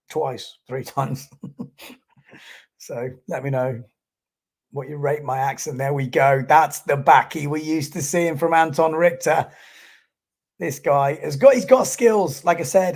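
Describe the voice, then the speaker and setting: A man's voice: a little high, vocal fry, darkish tone, slightly rough. A man giving chatty live commentary on a sports stream and reading out viewer comments.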